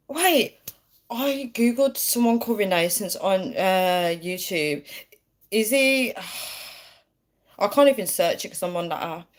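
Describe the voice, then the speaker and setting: A woman's voice: medium pitch, lively intonation, slow pace, long pauses. A woman chatting casually on a live stream, giggling and reading out viewer comments.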